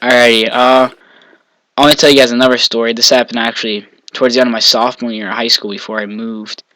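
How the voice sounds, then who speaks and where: Young guy from Maine, casual rambling storyteller, bright forward tone, dry close sound. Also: medium pitch, little pitch movement, fast talker, no echo, rough recording. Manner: rambling, self-correcting, chuckling asides. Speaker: vlogger.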